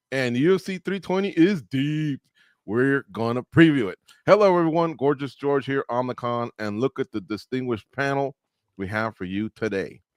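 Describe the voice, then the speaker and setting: A man hosting a casual roundtable talk show, jokey and animated, joking at his own expense. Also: mid-range voice, no echo, clean studio sound. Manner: jokey, animated, self-deprecating. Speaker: host.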